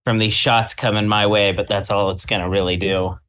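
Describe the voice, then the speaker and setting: Male player, smooth resonant voice, thinking-aloud tabletop narration. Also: fairly low pitch, little pitch movement, brisk, fairly bright tone. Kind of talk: describing his character's actions in a tabletop game.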